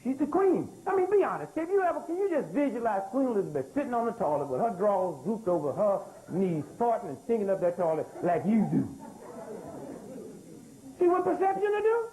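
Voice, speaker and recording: Older male lecturer, very lively pitch, call-and-response with the audience, emphatic repetition. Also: a little fast, a little hiss or hum, poor audio. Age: 60s. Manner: animated, calls out to the crowd for responses; emphatic, repeats key words.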